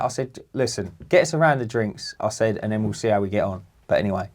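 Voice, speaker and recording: Animated man telling a story. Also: lowish voice, fast. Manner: animated, swearing, acts out other people's voices. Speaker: podcast co-host. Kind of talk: casual storytelling.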